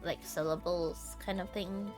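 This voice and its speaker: A woman's voice: on the low side, steady tone, a little slow, dark tone, soft background music. A woman from the Philippines with a Filipino accent, streaming games and chatting casually, often breaking into giggles as she tells stories. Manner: giggly storytelling, laughs often. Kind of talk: casual chat while gaming.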